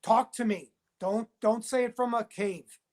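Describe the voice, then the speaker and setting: A man speaking in a heated interview as a whistleblowing TV producer, emphatic and insistent, talking in rapid bursts and repeating himself. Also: very high voice. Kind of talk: heated interview, phone-style conversation.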